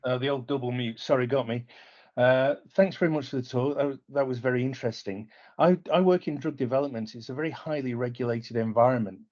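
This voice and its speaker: A man's voice: mid-range voice, fast, darkish tone. A man asking a question in an online Q&A over a video call, earnest with stammering restarts. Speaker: audience member asking a question. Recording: dull lo-fi video call audio.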